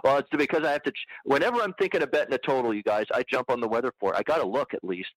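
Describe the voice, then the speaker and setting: A man giving measured, analytical sports betting picks in casual discussion. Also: mid-range voice, dry recording, poor audio.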